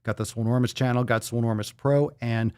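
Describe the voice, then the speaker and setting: A man's voice: mid-range voice, fairly even intonation, fast talker, a little mellow, smooth, dry recording, studio quality. A man hosting a casual livestream podcast, reading viewer posts aloud in a loose, profane manner that swings between hype and mumbling. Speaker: podcast host.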